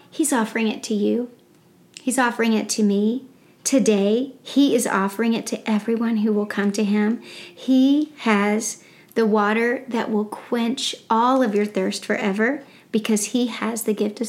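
A woman hosting a Bible study podcast, reading scripture and commenting with earnest, exclamatory enthusiasm. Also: on the high side. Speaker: podcast host. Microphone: podcast microphone.

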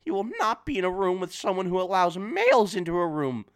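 A woman's voice: very animated, brisk, dry recording, clean studio sound. A man voicing an overbearing middle-aged mother who shrieks in scandalized outrage. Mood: outraged. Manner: shrill, scandalized.

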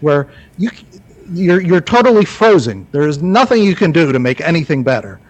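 A man's voice: fairly high pitch, poor audio. A man speaking as a guest, making an earnest, emphatic case. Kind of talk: advocacy talk.

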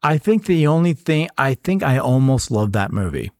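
A man's voice: mid-range voice, very animated, moderate pace, a little mellow, no echo, studio quality. A man co-hosting a casual film-review podcast, talking playfully with frequent stammered restarts. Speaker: podcast co-host.

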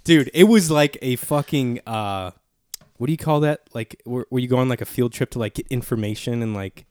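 A man's voice: medium pitch, a little fast, a little mellow, clean tone, no echo, clean studio sound. A man co-hosting a casual podcast, laid-back, laughing often and swearing freely. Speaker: podcast co-host. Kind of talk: casual chat.

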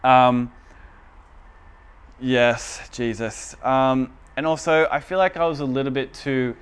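A man's voice: mid-range voice, steady tone, takes it slowly, clear, resonant tone. A man giving a casual, chatty teaching talk in a church room, often asking the audience whether they follow. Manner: chatty and informal, asks the audience for agreement.

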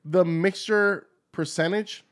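A man's voice: sits high, slow. A man co-hosting a casual drink-tasting chat, talking loosely, swearing and joking. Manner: casual, profane, playful. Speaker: co-host.

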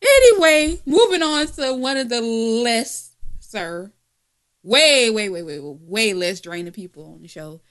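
A woman's voice: on the high side, sing-song, slow, a bit bright. Blunt, laughing podcast co-host woman. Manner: blunt, profane, laughs often. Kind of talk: casual chat.

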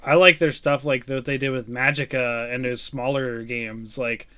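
Bright, clear-voiced man chatting about games. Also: mid-range voice, steady tone, normal speed. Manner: rambling, filler-heavy, enthusiastic. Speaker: podcast co-host. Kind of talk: casual gaming chat.

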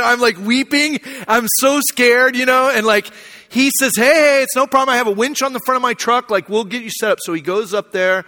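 A man's voice: high-pitched, animated, a little fast, sharp tone, in a large hall. A young man from Arizona, a pastor, telling a personal story in a sermon, casual and emotional, with lots of fillers.

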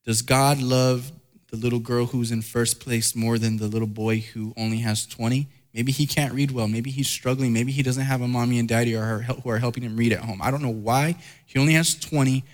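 A man's voice: mid-range voice, steady tone, a little fast. Male pastor, mid-range voice, earnest emphatic sermon delivery built on repetition. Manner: earnest, repetitive emphatic preaching with personal stories.

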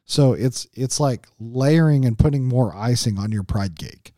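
A man's voice: mid-range voice, unhurried, warm tone, no room sound, studio quality. A man co-hosting a Christian marriage podcast, teaching in a casual, conversational way with frequent "like" and "right?" and many restarts.

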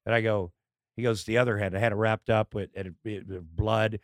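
A man's voice: lowish voice, steady tone, no echo. Candid middle-aged man, dry close sound. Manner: candid storytelling, halting with fillers, acting out dialogue. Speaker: podcast guest, comedian. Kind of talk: casual chat.

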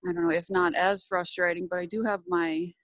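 A woman's voice: fairly low pitch, flat delivery, fairly quick, dry recording, poor audio. A woman in her thirties candidly telling a painful personal story, tearful at times, recorded at an airport. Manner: candid, emotional, laughs through tears.

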